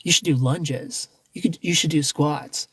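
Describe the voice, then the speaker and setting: A man's voice: on the high side, fairly even intonation, a little slow, fairly bright tone, slightly rough, no room sound, full character voice. A man voicing a laid-back, slangy gym-bro ex-boyfriend in a dry, close sound. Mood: eager.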